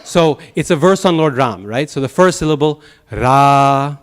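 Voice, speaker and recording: A man teaching a Sanskrit class at a temple, telling anecdotes in an animated way with chuckles and restarts. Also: on the high side, a little fast. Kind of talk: lecture with anecdotes.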